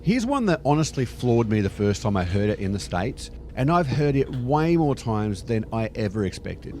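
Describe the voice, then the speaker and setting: A man's voice: medium pitch, very animated, normal speed, darkish tone. A man with an Australian accent narrating a scripted video with a wry, joking delivery. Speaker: narrator of a video being reacted to. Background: music.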